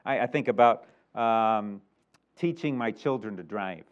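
A middle-aged man preaching a sermon as a pastor, animated and emphatic, chuckling now and then. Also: lowish voice, measured pace. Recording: muffled lo-fi recording.

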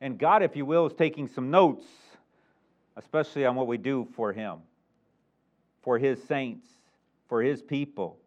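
A middle-aged man preaching a sermon as a pastor, animated and emphatic, chuckling now and then. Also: medium pitch, measured pace, pauses often. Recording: muffled lo-fi recording.

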